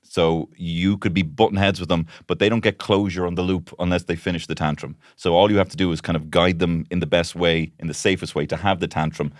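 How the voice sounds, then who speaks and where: A man's voice: low-pitched, a little fast, few pauses, no echo, clean studio sound. An Irish man in his thirties, co-hosting a podcast in casual chat, acting out voices as he tells stories. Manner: animated storyteller, acts out voices loudly. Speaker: podcast co-host.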